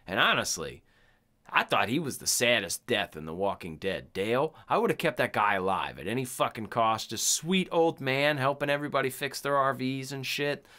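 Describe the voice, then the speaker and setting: Man, podcast co-host, casual chat, rambling, profane, very animated pitch. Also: moderate pace. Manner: rambling and profane, full of "like" and "you know".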